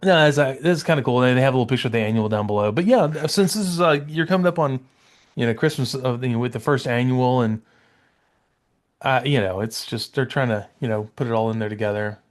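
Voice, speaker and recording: A man's voice: medium pitch, fast talker. Rambling male podcast co-host. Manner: rambling, with many fillers and restarts. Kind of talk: casual chat about comics.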